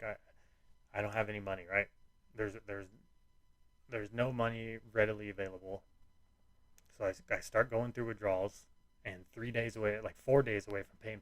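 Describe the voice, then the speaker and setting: A man's voice: on the low side, fairly bright tone, dry recording. A man hosting a podcast, telling a personal story in a rambling way, full of fillers, restarts and swearing. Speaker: podcast host.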